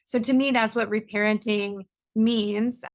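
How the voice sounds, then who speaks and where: A woman's voice: fairly high pitch, steady tone, a little slow, no echo. A middle-aged woman, a compassion coach, explaining earnestly in a podcast interview. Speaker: guest, compassion coach and author.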